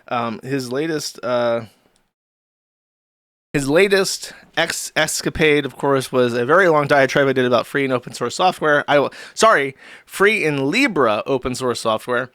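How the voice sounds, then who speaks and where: A man's voice: mid-range voice, lively intonation, moderate pace, a bit bright, no echo, studio quality. A man hosting a casual commentary stream, crude and sarcastic, rambling between asides. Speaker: streamer host.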